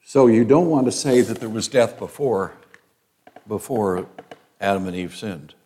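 An older man teaches a small Bible class in an unhurried, chatty way. He often hesitates with ums and restarts his sentences as he explains. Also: fairly low pitch, mellow. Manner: conversational, many ums and restarts.

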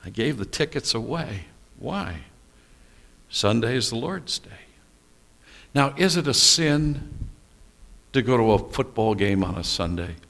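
A man's voice: mid-range voice, expressive, takes it slowly, creaky, pauses often, a bit bright. A male pastor preaching a sermon, telling stories and asking rhetorical questions with small humorous asides.

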